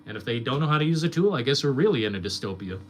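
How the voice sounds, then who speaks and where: A man's voice: medium pitch, animated, very fast. Young guy streaming, swears a ton, voice jumps all over, bit of hiss behind him. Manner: profane, ranting, mocking. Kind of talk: casual chat.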